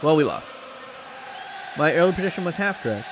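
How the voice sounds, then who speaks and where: A man's voice: on the high side, big pitch swings, fairly quick, a crowd in the background, noisy background. A man chatting casually on a livestream watchalong, sarcastic and swearing as he reacts. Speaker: streamer.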